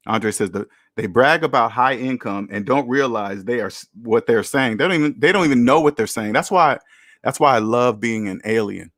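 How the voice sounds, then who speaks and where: A man's voice: mid-range voice, a bit bright, no echo, studio quality. A man hosting a casual livestream, reading viewer comments aloud and answering them with emphatic rhetorical questions. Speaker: channel host reading chat comments. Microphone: camera mic.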